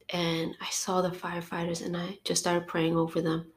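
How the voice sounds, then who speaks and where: A woman's voice: fairly low pitch, little pitch movement, normal speed. A middle-aged woman, a podcast guest, giving an emotional personal testimony, acting out her phone calls and sniffling now and then from allergies.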